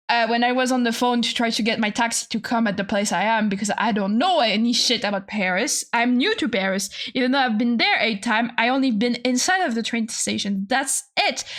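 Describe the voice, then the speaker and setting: A woman's voice: fairly high pitch, fairly bright tone. A young adult woman streamer telling stories in a casual, profane, exasperated rant, laughing often.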